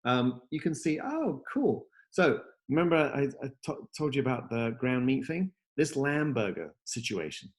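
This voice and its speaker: A man talks through his app over a video call from home, upbeat and rambling, full of ums and restarts. His voice sits at an ordinary middle pitch. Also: big pitch swings, moderate pace, few pauses. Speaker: software company host demoing his app. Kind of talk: casual demo chat over video call.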